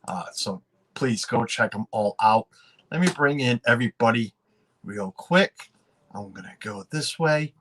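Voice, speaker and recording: A man talks loosely to his livestream audience, greeting viewers by name. He rambles, restarts his sentences and laughs often. His voice sits in a middle pitch. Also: animated, fairly bright tone, a little hiss or hum. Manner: rambling, self-interrupting, quick to laugh. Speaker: livestream host. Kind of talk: casual livestream chat.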